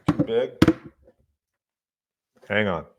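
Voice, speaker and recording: A middle-aged man with a fairly low voice spins loose, lively stories on his own podcast, cursing casually and muttering asides. He speaks into a desk microphone, and the sound comes through a little muffled and lo-fi. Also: extremely slow, very noisy. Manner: lively, swears casually, talks to himself while fiddling with gear. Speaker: college professor and podcast host. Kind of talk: casual storytelling monologue.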